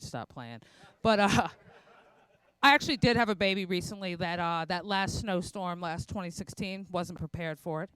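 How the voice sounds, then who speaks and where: A woman's voice: on the low side, fairly bright tone, clear, resonant tone. A young adult woman performing a stand-up comedy set, telling self-mocking stories with quoted asides.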